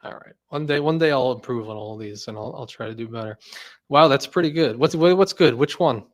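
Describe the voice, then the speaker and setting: A man's voice: mid-range voice, fairly quick. A man hosting his channel, chatting casually and joking at his own expense, with stammered restarts. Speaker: channel host. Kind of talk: casual chat.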